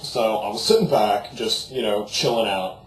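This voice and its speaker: A man's voice: fairly low pitch, normal speed, natural voice. A young man putting on a goofy, dim-witted young guy who rants in a crude, profane slacker drawl. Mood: ranting. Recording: roomy echo, faint background noise.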